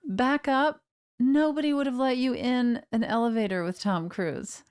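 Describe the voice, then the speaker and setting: A woman co-hosting a podcast, speaking in casual chat with a dry, deliberate delivery. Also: on the high side, a little mellow, smooth. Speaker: podcast co-host.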